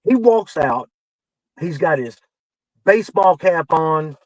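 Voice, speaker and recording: Man, podcast guest, animated storytelling, heated, swears, higher voice, dry sound. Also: takes it slowly, no room sound, rough recording. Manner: animated, acts out quoted dialogue, gets heated and swears. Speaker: podcast guest, wrestling veteran. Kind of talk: casual storytelling.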